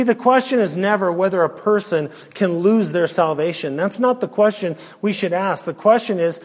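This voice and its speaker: A man preaching an expository sermon, emphatic, firing rhetorical questions and dropping to a near hush. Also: high voice, long reverb tail.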